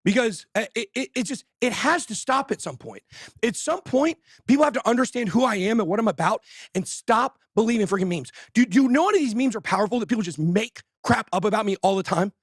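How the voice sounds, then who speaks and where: A man hosting a show, shouting angry, fired-up insults in a breathless rant. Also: high-pitched, animated, fast, breathy edge, dry recording, studio quality. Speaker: host. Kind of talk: ranting livestream talk.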